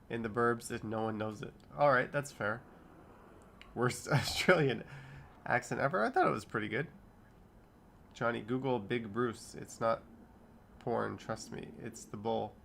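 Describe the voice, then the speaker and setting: Casual male streamer, 30s, mid-pitched, chatty chat-reader, faint noise behind. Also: creaky, fairly bright tone. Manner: chatty, reads chat comments aloud and riffs on them. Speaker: streamer reading live chat.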